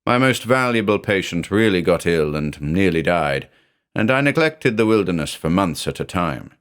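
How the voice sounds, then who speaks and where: A man narrates a classic horror tale in first person with a measured, dry delivery. His voice sits low but moves with lively inflection.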